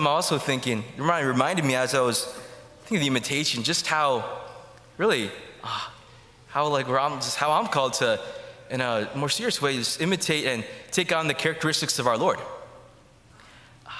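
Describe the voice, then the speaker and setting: Bright-voiced preacher in an echoey church. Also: male voice, mid-range voice. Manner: rambling, many fillers and restarts. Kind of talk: casual homily.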